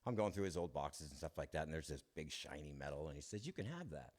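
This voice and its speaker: In a rumbling low voice with a darkish tone, this man gives a frank personal testimony about his recovery. He laughs at himself a lot and his sentences stop and start.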